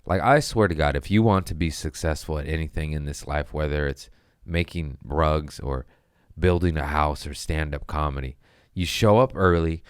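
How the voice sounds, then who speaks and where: A man's voice: very deep voice, clean tone, no echo, clean studio sound. A man hosting a comedy podcast, ranting profanely and acting out voices in a casual comedic style. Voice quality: profane, animated, acts out voices.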